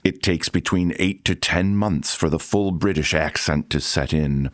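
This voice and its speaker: Man doing Baby New Year, deep American voice, calm, matter-of-fact, dry sound. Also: a little slow, dry recording. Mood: earnest. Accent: General American. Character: Baby New Year, newborn year with a grown man's voice, calm and pragmatic.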